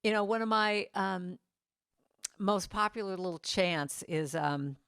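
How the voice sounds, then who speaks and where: A woman giving an inspirational talk at a church, chatting and coaxing the congregation, with soft, tender asides. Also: medium pitch, unhurried. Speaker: guest speaker and singer. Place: church sanctuary.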